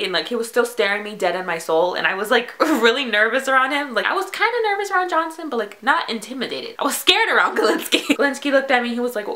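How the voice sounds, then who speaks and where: Young female vlogger, fast chatty storytime delivery, bright tone. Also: on the high side, animated. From United States. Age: young adult. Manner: chatty, full of "like" and acted-out quotes. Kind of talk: casual storytime vlog.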